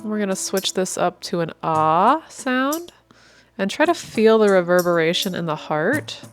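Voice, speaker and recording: A woman with a medium-pitched voice leads a guided meditation. Her instructions are calm, unhurried and inviting, and soft instrumental music plays underneath.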